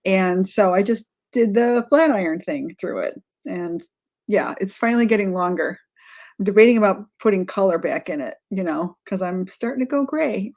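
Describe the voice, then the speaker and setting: A middle-aged woman hosts a live craft tutorial in a friendly, rambling way. She greets her viewers by name, drifts onto side topics and corrects herself as she goes. Her voice sits at an ordinary mid pitch. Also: expressive, moderate pace, darkish tone. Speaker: art tutorial host.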